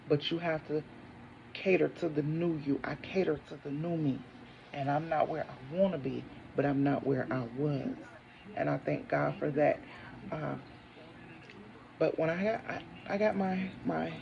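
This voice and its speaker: Woman vlogger, thirties, gravel in a dark, mellow voice, preachy home testimony, slightly muffled phone audio. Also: deep voice, slight background noise. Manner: preachy, declaring faith, talks to viewers as honey. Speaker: vlogger, single mother. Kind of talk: casual testimony vlog. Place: home, indoors.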